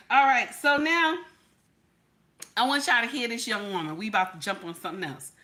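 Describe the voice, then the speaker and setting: A married woman hosting her own channel, giving blunt, profane, animated commentary straight to her viewers. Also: on the high side, moderate pace. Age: adult, married. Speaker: channel host.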